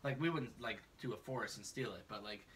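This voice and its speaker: A man's voice: fairly low pitch, fairly quick, a bit bright, recorded from a distance, a little hiss or hum. A young man from the United States chatting casually on a podcast, telling loose stories with lots of laughter and swearing. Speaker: podcast host. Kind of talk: casual chat.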